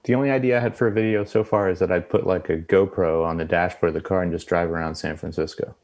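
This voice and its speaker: A man's voice: deep voice, fairly even intonation, fast talker, darkish tone, a little hiss or hum. A man, a guest musician, chatting casually in a rambling, hesitant way. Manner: hesitant, rambling, lots of fillers and restarts. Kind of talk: casual podcast chat.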